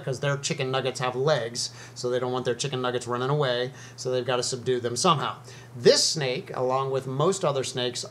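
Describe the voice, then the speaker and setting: A man of ordinary, mid-range pitch talking to camera about snakes in a relaxed, chatty way, often pausing on ums and uhs. A faint hum sits under his voice. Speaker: snake educator and video host. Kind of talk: casual educational talk to camera.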